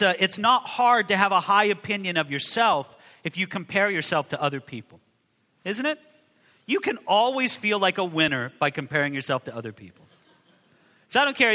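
A man preaching a sermon in a church, animated, moving from booming lines to hushed ones and acting out the people he quotes. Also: big-room sound. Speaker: pastor.

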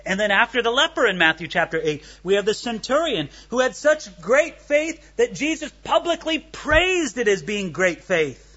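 A man's voice: high voice, big pitch swings, moderate pace, few pauses, bright, forceful tone, muffled recording. A man preaching an expository sermon, reading scripture aloud and explaining it verse by verse, acting out the voices in the text. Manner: reads scripture then explains it, dramatizes the speakers. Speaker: pastor.

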